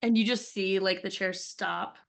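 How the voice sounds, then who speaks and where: A woman's voice: medium pitch, fairly even intonation, moderate pace, creaky, fairly bright tone. A woman playing a tabletop game, describing actions in a playful, casual way with lots of "like". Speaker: player.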